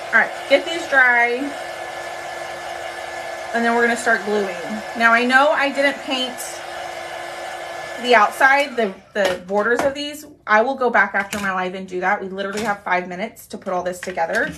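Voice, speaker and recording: Over some background noise, a bubbly young woman with a fairly high voice runs a live craft stream at a normal speed. She chats to viewers while working, walking them through it and thanking commenters.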